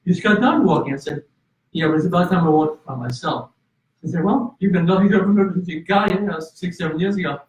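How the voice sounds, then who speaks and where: A man's voice: high-pitched, quick pace, a little mellow. Earnest man telling his story, echoey room. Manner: earnest, with restarts and fillers. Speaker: guest. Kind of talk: storytelling in an interview. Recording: roomy, distant and slightly dull.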